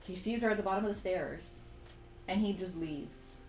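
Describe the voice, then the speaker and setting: A young woman vlogger chatting casually while she draws, telling a story in an animated, exasperated way with sudden jumps in pitch. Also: normal speed, echoey room, soft background music, low-quality recording. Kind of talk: casual chat while drawing.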